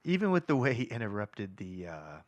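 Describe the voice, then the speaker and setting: A man chatting on a podcast in a thoughtful, measured way, often stopping and restarting his sentences. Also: lowish voice, very animated, no echo. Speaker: podcast co-host. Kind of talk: casual podcast chat.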